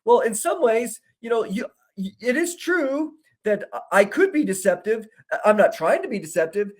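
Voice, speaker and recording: A man co-hosting a discussion, telling an animated story and acting out the dialogue he quotes. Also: sits high, normal speed. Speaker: co-host. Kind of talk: conversational discussion.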